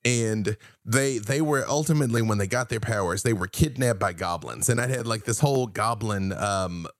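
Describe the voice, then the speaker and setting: A man's voice: fairly low pitch, normal speed, no echo, clean studio sound. A man guest on a podcast, animatedly telling tabletop game stories and acting out his players. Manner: animated storyteller, acts out players' lines. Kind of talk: casual podcast interview.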